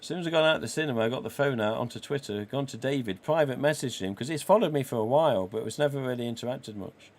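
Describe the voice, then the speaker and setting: A man's voice: mid-range voice, quick pace, few pauses. Chatty swearing English man in his forties. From England. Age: 40s. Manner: chatty, swears freely, acts out quoted dialogue. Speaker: live stream host. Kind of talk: casual live stream chat.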